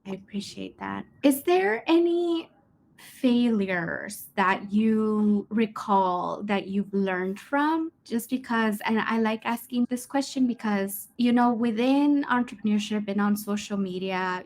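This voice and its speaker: A woman's voice: medium pitch, slow, creaky, a little mellow. Woman host asking rambling questions. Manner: thoughtful, rambling questions with fillers. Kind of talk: casual interview talk.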